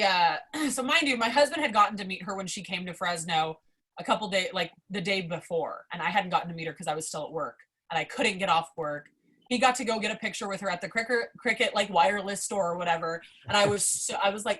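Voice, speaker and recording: A young adult woman, a podcast guest, telling a story in a casual, excitable way, swearing often and filling her talk with "like". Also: medium pitch. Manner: excitable, profane, heavy use of "like".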